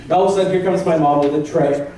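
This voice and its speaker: A man from Canada doing a stand-up comedy set, animated and self-deprecating, often breaking into laughs. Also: a little high, rapid-fire. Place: large convention hall. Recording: echoey convention hall from far off, crowd noise.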